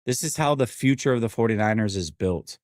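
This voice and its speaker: A man in his forties hosting a live sports stream, venting his frustration and answering chat in an animated, exasperated way. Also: mid-range voice, fairly quick, dry recording, clean studio sound. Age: 40s. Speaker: sports show host.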